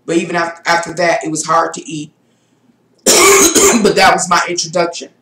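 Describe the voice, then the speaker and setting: A woman's voice: very animated, moderate pace, fairly bright tone, slight background noise. Middle-aged woman vlogger, casual rambling storyteller, echoey room. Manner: rambling, with shrill exclaimed self-quotes. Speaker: spiritual vlogger.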